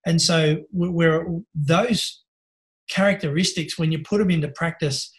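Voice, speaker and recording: An Australian man, a podcast guest, telling lively stories over a video call and laughing often. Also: a little high, unhurried. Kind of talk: casual storytelling interview.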